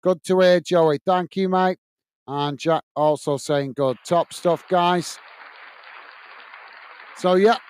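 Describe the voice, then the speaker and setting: A man's voice: high-pitched, steady tone, slow pace, long pauses, darkish tone, a faint crowd, a little hiss or hum. A man hosting a football watch-along stream, reading out viewer messages and thanking each one as "mate". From England. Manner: chatty, says "mate" and "guys" a lot. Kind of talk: live stream chat.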